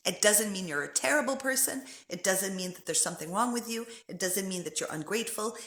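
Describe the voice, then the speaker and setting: A woman spiritual coach giving an emphatic, animated pep talk that swings between loud stresses and hushed asides. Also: mid-range voice, echoey room.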